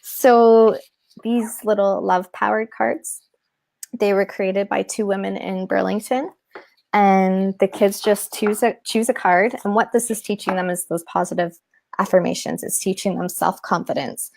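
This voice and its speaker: A woman guest who teaches mindfulness to children, explaining techniques in an animated way in a casual interview. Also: mid-range voice, a little slow, gravelly. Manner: animated, demonstrates with props and breathing.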